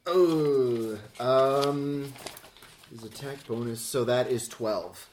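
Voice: mid-range voice, extremely slow, darkish tone, a little hiss or hum. A tabletop game player who talks hesitantly, thinking aloud about moves and rolls.

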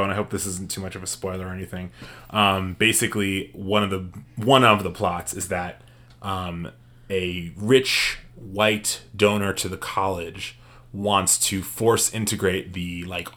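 A man with a low, deep voice hosts a relaxed radio conversation. His tone is bright and forceful, and he rambles a little while he hunts for the right word. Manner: rambling, searching for words. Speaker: radio show host. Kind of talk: casual conversation.

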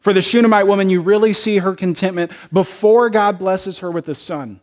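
A man's voice: sits high, fairly quick, darkish tone. A man, a pastor, preaching a sermon and telling personal stories in a conversational way. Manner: conversational storytelling, personal anecdotes.

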